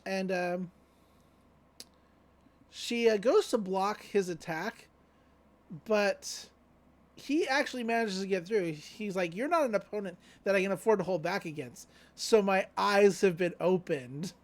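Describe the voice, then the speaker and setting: Podcast host, casual recap, laid-back, filler-heavy, mid-pitched. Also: measured pace. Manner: laid-back, loose retelling with many fillers and offhand quotes.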